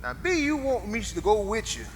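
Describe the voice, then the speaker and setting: A man's voice: high-pitched, very animated, normal speed, slight background noise. A man playing a patient, plain-spoken older chauffeur on stage. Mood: indignant. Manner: plain-spoken, dialect speech, firm and coaxing. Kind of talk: live stage play. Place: theater stage. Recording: stage play in a reverberant auditorium.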